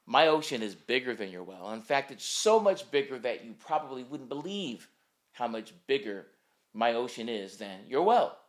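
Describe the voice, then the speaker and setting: A man's voice: medium pitch, big pitch swings, normal speed, lightly acted. A man voicing a worldly frog from the ocean who explains patiently and firmly.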